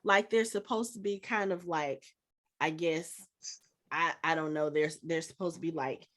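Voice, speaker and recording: A woman's voice: sits low, steady tone, moderate pace, a bit bright. A woman co-hosting a podcast, chatting casually and animatedly with lots of fillers. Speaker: podcast co-host. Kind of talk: casual chat.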